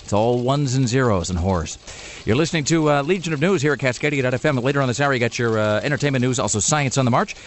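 A man hosting a talk radio show, riffing in quick, sardonic, rambling asides. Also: mid-range voice, animated, slight background noise. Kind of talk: irreverent talk radio banter. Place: radio studio.

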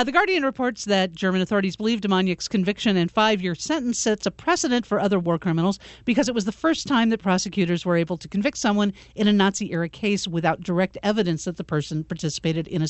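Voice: mid-range voice, dry recording. A talk radio co-host reads news stories in a plain, matter-of-fact way, dropping dry asides between quotes. The voice sits close and dry to the mic.

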